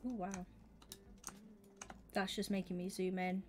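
A woman's voice: mid-range voice, little pitch movement, unhurried, a little mellow, slight background noise. Young woman, gaming streamer, chatty, thinks aloud, half-whispered asides. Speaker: livestreamer. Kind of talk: casual gaming stream chat.

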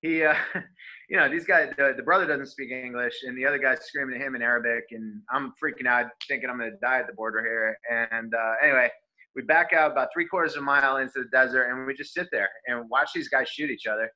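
A man's voice: medium pitch, fast talker, dull audio. A man from the United States, a guest on a video call, telling a travel story in casual chat full of fillers. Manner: animated anecdote-telling with many fillers.

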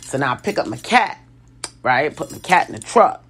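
A woman with a deep, slightly rough voice tells a personal story at normal speed. Her casual, animated speech is full of restarts and self-corrections. She acts out other people's lines in lively quoted voices.

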